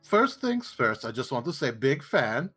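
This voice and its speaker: A man's voice: medium pitch, very animated, measured pace, fairly bright tone, husky, soft background music. A man playing a tabletop game, joking and rambling in a playfully sarcastic way. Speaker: player. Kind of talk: tabletop game role-play.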